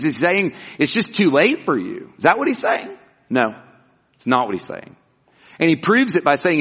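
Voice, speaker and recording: A man's voice: a little high, fairly bright tone, husky, long reverb tail. A man preaching a sermon as a pastor, earnest and emphatic, asking rhetorical questions and answering them.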